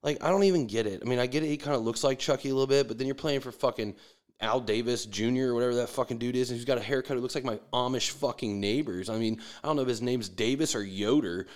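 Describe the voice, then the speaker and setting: Man, mid pitch, foul-mouthed sarcastic sports ranter. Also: quick pace. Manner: profane, ranting, sarcastic, mocking impressions. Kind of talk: profane sports rant.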